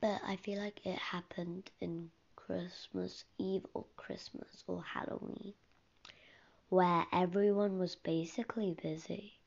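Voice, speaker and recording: A woman's voice: fairly low pitch, little pitch movement, slow pace, creaky, a little mellow. A teenage girl hosting a casual solo podcast, rambling and often dropping into a whisper. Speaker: podcast host. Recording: dull lo-fi recording with faint hiss.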